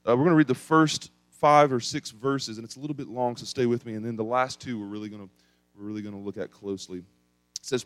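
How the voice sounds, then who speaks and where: East Tennessee preacher telling a story. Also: male voice, fast talker, no echo, faint music behind. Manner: storytelling with lively swings in volume and pitch. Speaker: pastor. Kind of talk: sermon.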